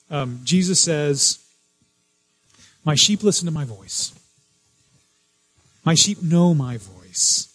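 Male pastor, slightly high pitch, earnest sermon delivery with repeats and restarts. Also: darkish tone, low-quality recording. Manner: earnest, repeats key phrases, frequent restarts.

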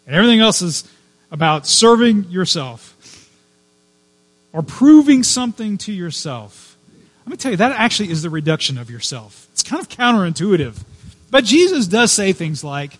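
A man's voice: high-pitched, very animated, moderate pace, slightly rough. A man preaching a sermon as a pastor, telling personal stories with casual asides and building to fervent emphasis on his main points. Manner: conversational, digressive storytelling with personal asides.

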